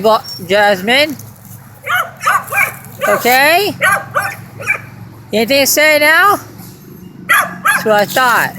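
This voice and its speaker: A woman's voice: high voice, heavy background noise. A woman talking to her pet dog, scolding and teasing it, then apologizing, in casual chat. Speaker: dog owner.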